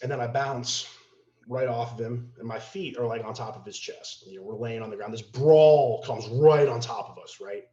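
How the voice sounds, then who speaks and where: On a podcast with roomy, slightly dull sound, a male guest of medium pitch speaking at normal speed spins a casual, profane story. He's animated and performs the quotes of the people in it himself.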